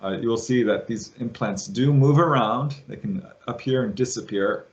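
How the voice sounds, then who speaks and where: A man guest on an interview show, retelling a witness's story with lively quoted voices. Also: medium pitch, moderate pace, dull audio. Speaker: guest, UFO researcher.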